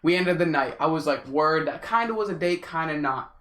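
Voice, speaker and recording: A young man telling a casual story on his vlog, animated and slangy. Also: fairly high pitch, fairly quick, very noisy. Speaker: vlogger. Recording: echoey room.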